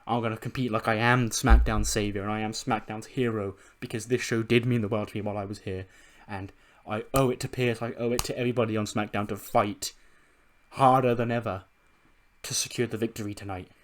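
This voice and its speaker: A man's voice: fairly low pitch, steady tone, a little fast, lightly acted. A man voicing a determined, loyal male wrestler giving an earnest pre-match speech.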